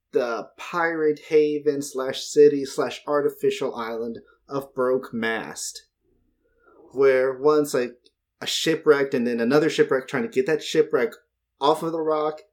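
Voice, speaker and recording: A man narrating as game master of a tabletop game, rambling and joking with frequent fillers. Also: mid-range voice.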